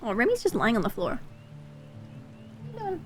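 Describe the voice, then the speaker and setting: A woman streamer chatting casually while she plays a game, excitable and quick to swear. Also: a little high, music in the background. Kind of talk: casual gameplay livestream chat.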